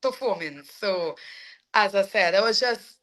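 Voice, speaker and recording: Bright-voiced Trinidadian young woman. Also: medium pitch, measured pace. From Trinidad and Tobago. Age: young adult. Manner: animated, laughs often, trails off with fillers. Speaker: soca artist guest. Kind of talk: casual interview storytelling.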